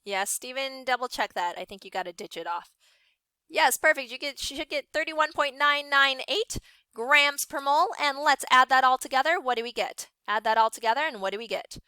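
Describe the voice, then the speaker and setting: Bright, crisp-voiced woman teacher. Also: sits high, no room sound. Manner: upbeat, encouraging, brisk calling out of student names. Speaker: science teacher. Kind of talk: online class lesson.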